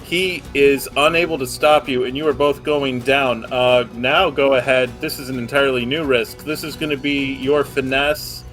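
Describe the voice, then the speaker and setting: A man in the game master's seat, narrating scenes and calling out rolls at an ordinary pitch. He speaks in a relaxed way and keeps the table moving. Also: moderate pace, hardly any pauses, soft background music. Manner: relaxed, rule-explaining narration with fillers.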